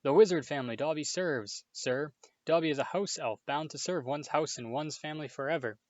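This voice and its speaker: Male reader voicing a shrill, servile house elf, tearful and humble; dry, muffled sound. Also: fairly quick, darkish tone, no echo, lightly acted. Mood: fearful. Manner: high-pitched, tearful, overly humble. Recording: dull, dry home recording.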